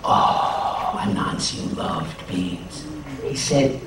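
A man telling a folk tale live to schoolchildren, animated and asking them questions, recorded from a distance. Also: a little slow. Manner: animated, asks the children questions, voices rise high in excitement. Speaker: storyteller and folk singer. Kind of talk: live storytelling for children. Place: school room with a child audience. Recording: echoey room from far off, noisy.

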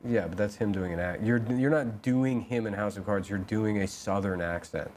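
A man's voice: fairly low pitch, normal speed, a little hiss or hum. Dry, teasing man on a podcast. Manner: dry, teasing, deadpan jabs. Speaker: podcast co-host. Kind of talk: casual comedic banter.

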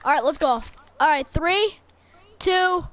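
A woman's voice: high voice, slow, a bit bright. A young woman streaming a game, chatting casually with a cocky, teasing manner and gamer slang. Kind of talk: casual gaming chat.

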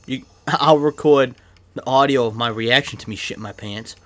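A young man chatting casually while opening card packs in a video game, excitable and swearing freely, with a cough and an irritated throat. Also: mid-range voice, normal speed. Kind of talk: casual pack-opening commentary. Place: his bedroom.

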